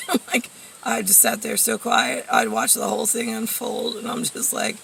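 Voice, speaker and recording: A woman's voice: a little high, fairly even intonation, moderate pace, creaky, fairly bright tone, recorded from a distance, slight background noise. A woman vlogger rambling through a profane, sardonic monologue full of fillers, heard a little away from the mic. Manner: profane, sardonic ranting with frequent fillers and laughs.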